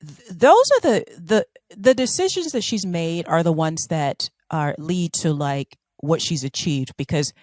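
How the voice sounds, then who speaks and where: A woman's voice: low-pitched, animated, measured pace, hardly any pauses, darkish tone, dry recording. Gushing woman podcast co-host, dry sound. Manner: gushing, searches for words, trails off. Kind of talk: casual chat.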